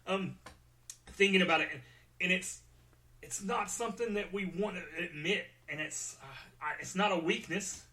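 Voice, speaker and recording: Close to tears, a man hosting a podcast opens up candidly about his feelings in a personal monologue, cracking self-deprecating jokes. His high-pitched voice is bright and forceful, at normal speed.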